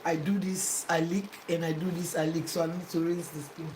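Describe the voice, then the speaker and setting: A woman's voice: lowish voice, flat delivery, brisk, darkish tone, slight background noise. A woman hosting a casual cooking demonstration, chatty and repetitive, now and then slipping into playful sing-song. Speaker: cooking vlogger. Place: home kitchen. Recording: roomy kitchen echo, faint ambience.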